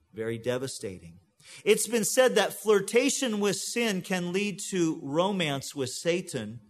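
A middle-aged man preaching a sermon, earnest, often dropping low and soft on key phrases. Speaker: pastor.

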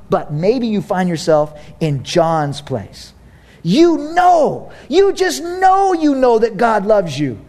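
A male pastor in his thirties preaching a sermon in a church, telling stories with humor and speaking straight to his congregation. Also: very high voice. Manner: animated, humorous storytelling, direct to congregation.

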